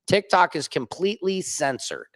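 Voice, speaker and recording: A man talking straight to camera in a loose, animated rant, with a fairly high voice. His delivery jumps from excited, raised bursts to quick low asides. The sound is close and dry. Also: dry recording. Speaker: independent online journalist. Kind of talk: casual vlog rant. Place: rooftop.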